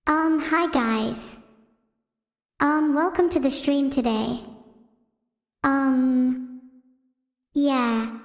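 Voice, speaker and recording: A synthetic female voice imitating a hesitant young male streamer, halting and slow with many fillers. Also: sits high, full character voice. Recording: roomy reverberant sound.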